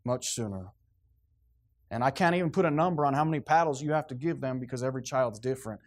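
A man's voice: medium pitch, fast talker. A man preaching a sermon in a stern, emphatic, plainspoken way, repeating phrases to drive his points home.

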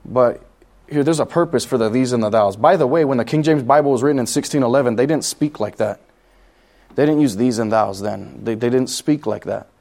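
A man's voice: mid-range voice, fairly quick, creaky, a little mellow. A man preaching a conversational sermon, repeating key points and asking the congregation questions.

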